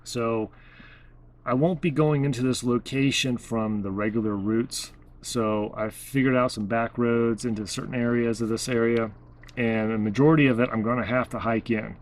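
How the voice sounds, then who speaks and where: A man casually telling a story about his outdoor research, halting and full of "uh" and "you know". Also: medium pitch, fairly even intonation. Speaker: bigfoot researcher vlogger.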